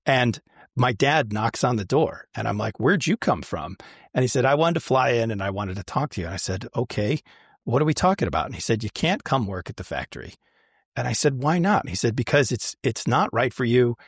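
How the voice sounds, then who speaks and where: A man in a relaxed conversation, recounting his past in a chatty way that is full of restarts and "um"s. His voice sits in an ordinary middle pitch. It is recorded dry, with no room around it. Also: fairly quick, slightly rough, no echo. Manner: chatty, many fillers and restarts. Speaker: guest. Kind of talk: casual storytelling.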